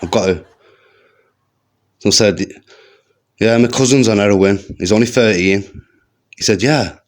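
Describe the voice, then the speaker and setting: Unhurried and deadpan, a West Midlands comic with a fairly low voice delivers one-liners and slangy asides on a comedy venue stage. The live gig recording includes faint crowd noise and audience laughter.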